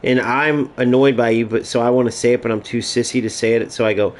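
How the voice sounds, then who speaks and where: A man's voice: medium pitch, fairly even intonation, fast, few pauses, low-quality recording. A man streaming a game, ranting casually and profanely to his chat. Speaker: gaming streamer.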